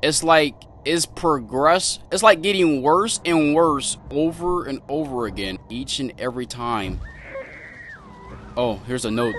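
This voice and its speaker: With game music playing, a young man comments on the horror game he's playing, talking things through for his viewers and yelping at the scares. He speaks at a measured pace in a medium pitch with lively intonation, against a noisy background.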